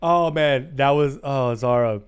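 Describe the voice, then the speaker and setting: A man's voice: medium pitch, unhurried, clean tone. A man livestreaming in a playful, teasing way, chatting to his audience and breaking into sing-song bits. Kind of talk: casual chat to a live stream audience.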